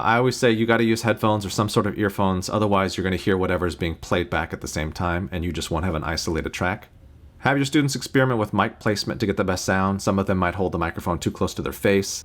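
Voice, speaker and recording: A man teaching how to use music recording software in a plain, practical screen-recorded tutorial, recorded on a USB interface mic. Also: sits low. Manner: plain, practical explaining with sung beep demos.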